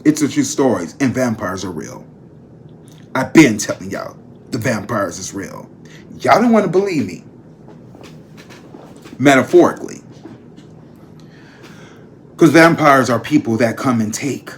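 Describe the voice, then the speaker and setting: A man's voice: medium pitch, expressive, moderate pace, slight background noise. A man hosting his own vlog, chatting casually and emphatically to his viewers. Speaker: tarot reader and vlog host. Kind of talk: casual chat to camera.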